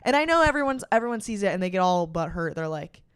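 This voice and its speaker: A woman's voice: medium pitch, big pitch swings, fast talker, few pauses, clean tone, dry recording. Young woman podcaster, casual and sweary, slangy, super dry sound. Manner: profane, slangy, dramatic emphasis. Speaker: podcast host. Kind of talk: casual retelling chat.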